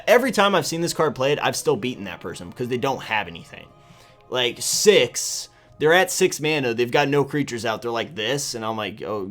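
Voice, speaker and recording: Male gaming host, mid-range voice, loose sarcastic commentary with sudden loud and soft swings. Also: mid-range voice. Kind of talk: casual video game commentary.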